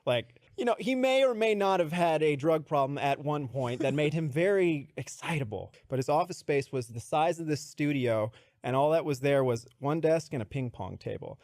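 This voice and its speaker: A man casually telling a work anecdote in a studio, animated and laughing as he goes. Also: on the high side, moderate pace, no room sound. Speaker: podcast storyteller.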